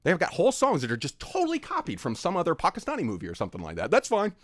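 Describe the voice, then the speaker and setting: A man's voice: a little high, wildly swooping pitch, rapid-fire, no echo. Emphatic man with a swooping voice. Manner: emphatic, exasperated, scolding. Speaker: video commentator. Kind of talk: opinionated commentary rant.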